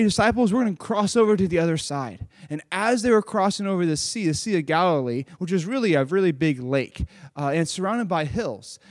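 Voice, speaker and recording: Guy doing a kids sermon, pretty high voice, super animated, says like a lot, dry close mic. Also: no room sound. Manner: lively, animated storytelling with dramatic voices; casual, uses "like" often. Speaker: children's pastor. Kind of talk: children's sermon with Bible reading.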